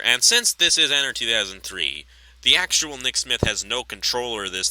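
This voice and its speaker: A man calling a sim racing event with excitable play-by-play, his voice climbing high in tense moments, then chatting through the replays. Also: low-quality recording. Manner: excitable, pitch shooting up at close racing. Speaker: race commentator.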